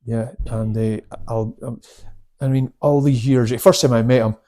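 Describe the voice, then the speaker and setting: A man's voice: mid-range voice, steady tone, normal speed, warm tone. A man in his seventies, a karate instructor, telling stories in a casual interview, chatty and laughing, with many restarts. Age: 70s.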